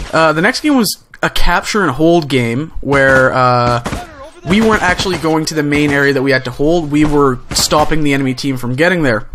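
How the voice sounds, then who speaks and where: A young man tells a story in a relaxed, casual way. His voice sits a little on the high side, and he gets more and more excited as he rambles along. He keeps stumbling over fillers and restarting his sentences. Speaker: gaming channel host.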